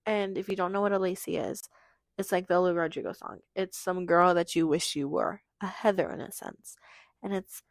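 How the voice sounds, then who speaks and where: A teenage girl speaks at a middle pitch with a gravelly edge that keeps showing up. She rambles earnestly and fills her sentences with "like" as she works through her thoughts. The sound is close and dry, with no room around it. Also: no echo. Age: teens. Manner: earnest, rambling, filler-heavy. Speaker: podcast host. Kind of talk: casual personal monologue.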